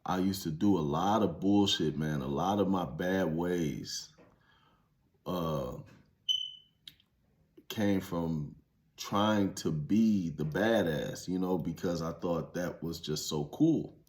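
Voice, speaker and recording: A man's voice: deep voice, takes it slowly, darkish tone. A former inmate telling his story in a casual, blunt, heavily profane monologue that rises to emphatic preaching.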